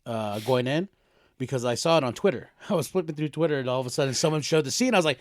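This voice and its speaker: A middle-aged man co-hosting a casual podcast chat, telling stories animatedly and acting out quotes loudly. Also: mid-range voice, fast, no echo, clean studio sound. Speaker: podcast co-host.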